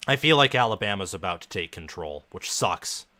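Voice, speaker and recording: Male live stream host with a bright, forceful voice, commenting on a game as a gloomy, frustrated fan. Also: low-pitched, animated, fairly quick. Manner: frustrated, dejected fan talk.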